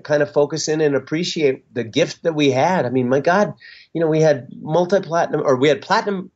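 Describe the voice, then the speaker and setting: A man's voice: a little high, darkish tone, dull audio. A middle-aged man being interviewed as a musician guest, talking in a reflective, openly sentimental way with easy fillers. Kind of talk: interview conversation.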